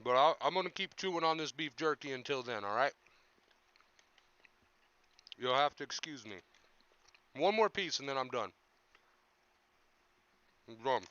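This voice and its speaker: A man's voice: medium pitch, animated, unhurried, pauses often, a bit bright, no echo, lo-fi sound. A young man hosting a casual livestream, chatting with viewers and coaching them on anxiety, often repeating his phrases. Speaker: livestream host talking about anxiety.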